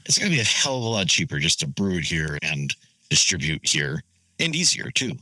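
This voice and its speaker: A man's voice: extremely low pitch, very animated, fairly quick, bright, forceful tone, no echo, rough recording. An easygoing man co-hosting a podcast in casual chat, laughing along with his partner. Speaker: podcast co-host.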